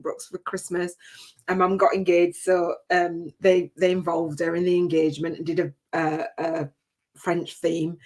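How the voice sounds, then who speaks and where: A woman's voice: fairly low pitch, darkish tone. Older woman, spiritual coach on a live stream, emotional and rambling, laughs through tears. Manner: tearful, laughing, heartfelt and rambling. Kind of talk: emotional personal talk on a livestream.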